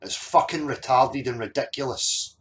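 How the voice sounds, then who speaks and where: A man talks straight at his audience, arguing hard and repeating himself as he presses a point. His voice sits at an ordinary middle pitch, and he keeps leaning on fillers and emphatic jabs. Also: normal speed, fairly bright tone. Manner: argumentative, repetitive fillers, emphatic. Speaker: channel host. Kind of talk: monologue reacting to clips.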